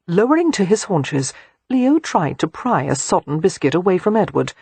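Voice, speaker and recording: A woman reads a novel aloud with a husky, breathy voice and lively pitch. The sound is dry and close, measured and expressive throughout. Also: no echo. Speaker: audiobook narrator. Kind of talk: scripted narration.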